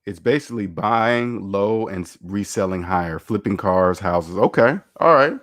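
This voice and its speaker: A man's voice: fairly low pitch, moderate pace, a bit bright, no echo, studio quality. A man hosting a finance livestream, rambling and candid as he reads the chat aloud and chats casually.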